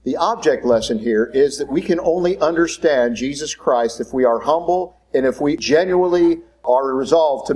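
Male preacher, mid-pitched, conversational storyteller during a sermon. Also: a little mellow, poor audio.

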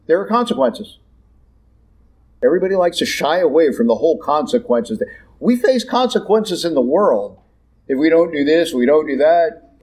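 A man preaching a sermon in a blunt, emphatic, lively way. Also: on the high side.

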